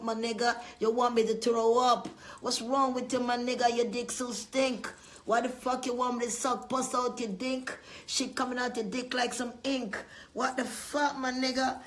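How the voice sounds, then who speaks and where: A woman delivering a loud, profane rant in loose rhymes, half rapping and laughing between lines. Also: fairly high pitch, roomy sound, recorded from a distance. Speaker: vlogger. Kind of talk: profane rhyming rant to camera.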